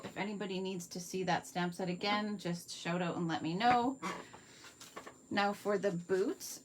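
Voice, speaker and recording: With background noise in the clip, a mid-range female voice belongs to a Canadian card-making demonstrator hosting a live craft tutorial. She chats viewers through every step at her workspace and responds to what they comment.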